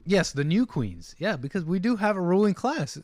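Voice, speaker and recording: Hosting a laid-back livestream, this man from the United States rambles through fillers and restarts, mimicking the people he quotes in mocking voices. His high-pitched, slightly mellow voice is very animated at normal speed, in a dry recording.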